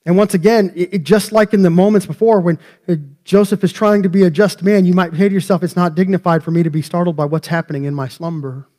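Casting: male pastor, slightly high voice, chatty sermon with humorous asides to the congregation. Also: fairly even intonation, fast talker, hardly any pauses, a little mellow. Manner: conversational, joking asides to the congregation. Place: church sanctuary.

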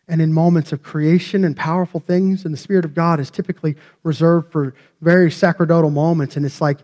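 A man's voice: fairly high pitch, mellow. A man pastor preaching a sermon in a church, talking conversationally and joking with the congregation. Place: church sanctuary.

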